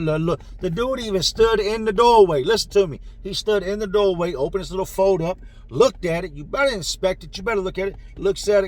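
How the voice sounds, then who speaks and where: A man telling a first-person story in a casual way, acting out the dialogue with slang. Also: sits high. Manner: animated, acts out dialogue with slang.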